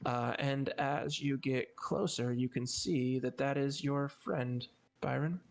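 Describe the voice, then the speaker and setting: Gravelly man narrating as dungeon master. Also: mid-range voice, fairly even intonation, slow. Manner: loose, rambling, many fillers. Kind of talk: narrating a tabletop game.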